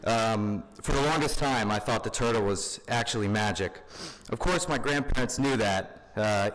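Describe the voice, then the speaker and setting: A man's voice: mid-range voice, a bit bright, slight background noise. Young man giving a eulogy in a hall. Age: young adult. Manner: informal, many fillers. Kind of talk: funeral eulogy. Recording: long hall reverb.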